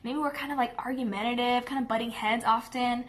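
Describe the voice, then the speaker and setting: A woman's voice: a little high, fairly even intonation, a little fast. A woman dog trainer talking casually to camera, chatty and candid, often checking in with her viewers.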